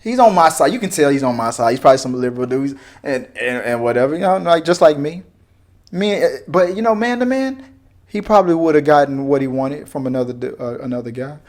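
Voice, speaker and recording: Animated man in his forties ranting. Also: fairly high pitch, a little fast. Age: 40s. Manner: animated, mocking voices in quotes, frequent repeats and slang. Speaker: reaction video host. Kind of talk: casual opinion rant.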